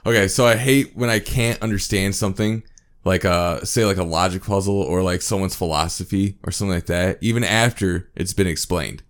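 A man with a very deep voice talks loosely in a relaxed podcast chat. He rambles, circles back on himself and grows heated when something confuses him. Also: a little fast. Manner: rambling, restarts often, gets worked up when frustrated. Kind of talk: casual chat.

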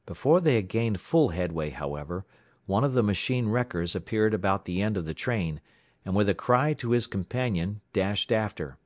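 Male audiobook narrator, very low pitch, steady measured read, dry close sound. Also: dry recording.

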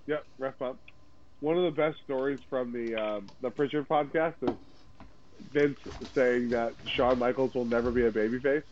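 A man's voice: mid-range voice, steady tone, normal speed, a little mellow. Male co-host, terse dry interjections, muffled lo-fi mic with faint hiss. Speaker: podcast co-host. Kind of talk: casual chat.

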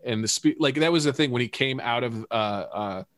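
A man in casual, animated conversation about a TV episode, swearing freely and laughing often. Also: mid-range voice, brisk, no echo.

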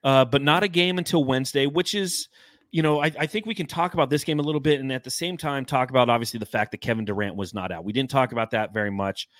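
A man's voice: medium pitch, quick pace, fairly bright tone, no room sound. A man hosting a casual sports podcast, talking in a loose and profane way. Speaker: podcast host.

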